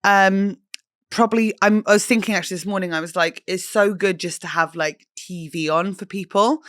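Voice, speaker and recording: A woman's voice: medium pitch, steady tone, moderate pace, fairly bright tone, no room sound. Chatty woman, dry close mic. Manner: chatty, self-mocking, jokey, swears freely. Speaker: podcast host. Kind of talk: casual chat.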